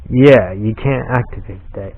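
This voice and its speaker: A man's voice: lowish voice, measured pace, dull audio. Chatty man explaining a card game. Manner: chatty, explains rules, laughs easily. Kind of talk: casual play-by-play of a card game.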